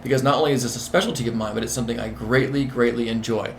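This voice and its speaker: A man being interviewed as a nurse manager and executive coach, talking in an emphatic, repetitive, animated way. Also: medium pitch, rapid-fire, vocal fry, slight background noise.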